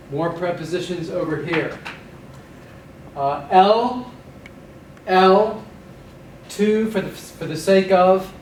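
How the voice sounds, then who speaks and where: A man teaching Hebrew vocabulary in a recorded lesson, spelling out letters and syllables slowly and deliberately. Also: high voice, reverberant, far from the mic, slight background noise.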